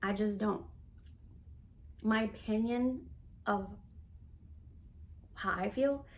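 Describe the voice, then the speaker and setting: A woman's voice: mid-range voice, slow. Candid woman in her thirties telling a story. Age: 30s. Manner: candid, animated retelling with quoted dialogue. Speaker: vlogger. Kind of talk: personal storytelling to camera.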